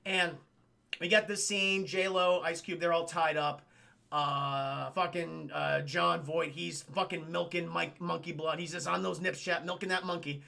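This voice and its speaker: Animated swearing streamer with a high, gravelly voice. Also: male voice, a little slow. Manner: animated, swearing, acts out characters in goofy voices. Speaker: streamer reviewing a film. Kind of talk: profane live-stream movie recap.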